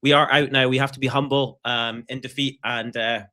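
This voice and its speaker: Animated Scottish man joking on a podcast. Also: mid-range voice, fairly quick. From Scotland. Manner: animated, joking, swears freely. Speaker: podcast co-host. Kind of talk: casual chat.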